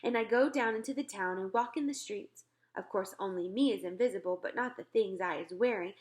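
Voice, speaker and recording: A woman voicing a boastful, excitable young boy. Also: mid-range voice, a little fast, natural voice. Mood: excited. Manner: excited, boastful storytelling with broken grammar.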